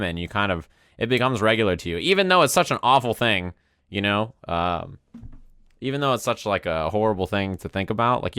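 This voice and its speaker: A man's voice: fairly low pitch, fairly bright tone, clean tone, no room sound, clean studio sound. A man in his twenties chatting casually on a stream, laid-back, rambling and profane, often tagging "right?" onto his sentences. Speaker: streamer and fighting game commentator. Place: home room with a window.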